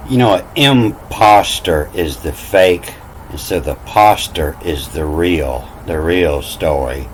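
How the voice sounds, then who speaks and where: A man's voice: low-pitched, slow pace, a little hiss or hum, rough recording. A man giving a meandering, self-taught lesson, spelling out letters and repeating words with frequent "you know" fillers. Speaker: self-styled language teacher. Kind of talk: rambling explanatory monologue.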